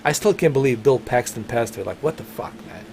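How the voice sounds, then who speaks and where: A man chatting casually during a game livestream, rambling and swearing, often breaking into laughter as he talks himself up into excited emphasis. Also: medium pitch, fast talker, creaky, slight background noise. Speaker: game streamer.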